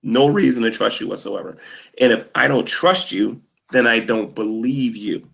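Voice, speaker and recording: Gravelly, stammering man in a played clip. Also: mid-range voice, a bit bright. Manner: halting, stammers and repeats words. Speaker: video maker addressing a rival. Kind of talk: confrontational monologue.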